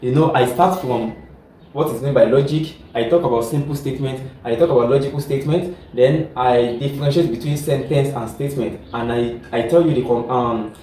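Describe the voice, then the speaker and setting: A man's voice: mid-range voice, warm tone, slight background noise. A man teaching a logic lesson, repeating himself and often checking whether the students follow. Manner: repetitive, keeps checking understanding. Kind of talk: classroom lesson explaining logic. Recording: echoey room, mic at a distance, faint ambience.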